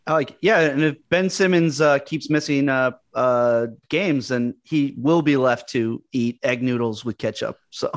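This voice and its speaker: A man's voice: medium pitch, measured pace, hardly any pauses, no room sound, studio quality. A man co-hosting a podcast in easygoing, casual chat, laughing often. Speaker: podcast co-host.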